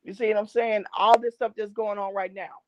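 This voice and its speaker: A woman's voice: medium pitch, flat delivery, a little fast. A middle-aged woman, a gospel singer and drummer, giving an emphatic, preachy faith testimony as an interview guest and repeating her key phrases. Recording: dull dry lo-fi recording.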